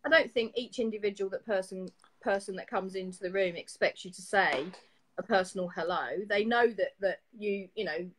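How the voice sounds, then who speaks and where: A woman co-hosts a live poetry show in relaxed conversation. Her voice sits at a middling pitch. She talks casually, padding her thoughts with fillers and a teasing edge. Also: moderate pace, low-quality recording. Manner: easygoing, teasing, hedges with "you know" and "really". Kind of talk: casual live-stream chat.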